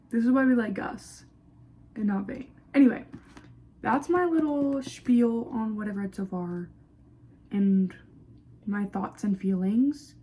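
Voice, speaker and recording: Young woman, casual vlog chat, warm mellow tone, blunt, swears freely, hesitant trailing asides. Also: mid-range voice, slow pace, long pauses. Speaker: reading vlogger.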